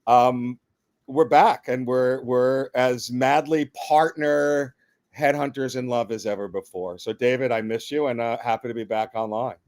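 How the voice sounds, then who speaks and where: A man's voice: mid-range voice, unhurried, darkish tone. A man co-hosting a podcast who jokes in a playful, mock-dramatic way during casual chat. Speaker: podcast co-host.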